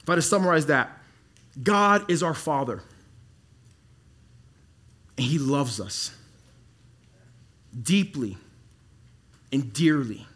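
A man in his thirties from Dallas preaching a sermon as pastor, animated and then dropping to quiet emphasis. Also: on the high side, slow pace, long pauses. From Dallas, Texas.

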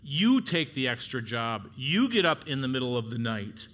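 A man's voice: medium pitch, sing-song, moderate pace, fairly bright tone. A middle-aged man preaching an earnest sermon to husbands, urging them on with rising exhortations. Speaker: pastor.

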